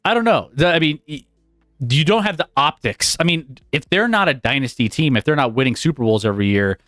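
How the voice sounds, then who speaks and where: A man's voice: on the high side, expressive, a little fast, fairly bright tone, no room sound, clean studio sound. Man musing through a sports debate. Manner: thinks aloud with restarts and fillers, tentative. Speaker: sports podcast co-host.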